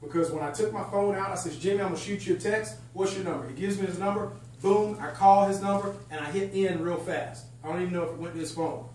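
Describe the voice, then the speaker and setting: A man giving a lively, excitable sales training talk to a live group, chatting and joking with the room. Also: sits high, quick pace, hardly any pauses. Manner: energetic, excitable, chatty, jokes with the audience. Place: function room at a country club event. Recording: echoey room, distant mic, faint hum.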